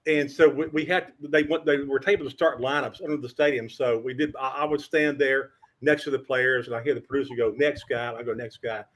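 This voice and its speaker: Husky older man spinning stories. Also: medium pitch, fairly quick, few pauses. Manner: stammering restarts, lively acted-out anecdotes. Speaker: veteran sports writer and guest. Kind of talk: animated storytelling.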